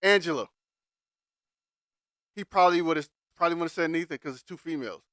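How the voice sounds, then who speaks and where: Bright-voiced man trading hot takes. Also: a little high, fairly quick, dry recording, clean studio sound. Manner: animated, slangy opinions. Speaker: podcast co-host. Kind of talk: casual chat.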